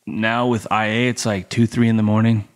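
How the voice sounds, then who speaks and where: Profane, animated male podcast guest. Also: lowish voice, moderate pace. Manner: profane, animated, acts out the voices in his stories. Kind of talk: casual podcast storytelling.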